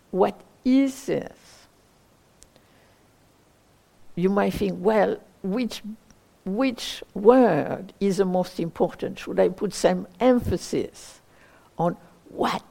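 A woman meditation teacher giving a dharma talk, searching for words slowly with many pauses and hedges. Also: mid-range voice, vocal fry, dark tone.

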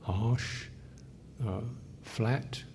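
Calm older man, soft mellow voice. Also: lowish voice, drawn-out words, vocal fry, slight background noise. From England. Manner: reflective, gently humorous, thinking aloud. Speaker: meditation teacher answering questions. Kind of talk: unhurried Dharma talk.

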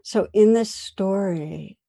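A woman meditation teacher giving a dharma talk, telling a story in a gentle, reflective way. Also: medium pitch, slow, gravelly. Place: meditation hall.

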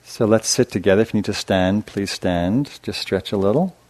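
A middle-aged man giving a gentle dharma talk as a meditation teacher, soft-spoken and hesitant, with fillers and restarts. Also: fairly low pitch, normal speed. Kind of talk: dharma talk to a live audience.

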